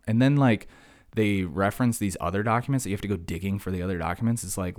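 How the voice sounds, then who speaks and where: A young man hosting a solo podcast, ranting fast and sarcastically, jumping from one tangent to the next. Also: lowish voice, darkish tone, no room sound, clean studio sound. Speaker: podcast host.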